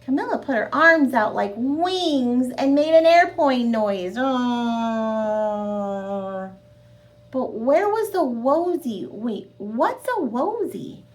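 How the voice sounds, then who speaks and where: Woman storyteller for children, high voice, unhurried and expressive. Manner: expressive, sing-song, addresses children directly. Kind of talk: children's read-aloud.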